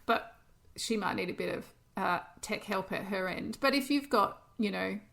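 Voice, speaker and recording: Woman cohost, casual chatty, bit of vocal fry, laughs a lot. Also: medium pitch, moderate pace, a bit bright. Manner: chatty, practical, laughs often. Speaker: podcast co-host. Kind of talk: casual chat.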